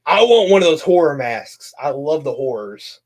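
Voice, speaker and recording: A man's voice: a little high, big pitch swings, normal speed. A man talking as a guest on a casual horror podcast, an enthusiastic fan who swears and trails off with fillers.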